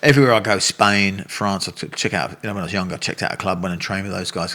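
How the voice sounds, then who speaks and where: A man's voice: lowish voice, quick pace, a bit bright. A man in his sixties with an Australian accent, a Muay Thai coach telling blunt, rambling stories as an interview guest. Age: 60s. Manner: rambling, blunt storyteller who swears and laughs. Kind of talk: casual interview storytelling.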